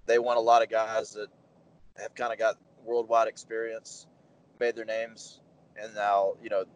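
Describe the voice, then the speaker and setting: Interview guest, man in his 30s, lowish voice, lively storyteller who acts out quotes. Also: a little slow, low-quality recording. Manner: animated anecdotes, acts out quoted dialogue, many fillers. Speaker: pro wrestler, interview guest.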